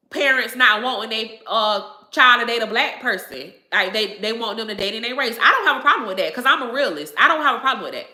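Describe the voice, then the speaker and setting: Emphatic woman with a bright voice. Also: a little high, echoey room. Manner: emphatic, repeats phrases, laughs often. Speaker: livestream host answering viewers. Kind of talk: casual livestream chat.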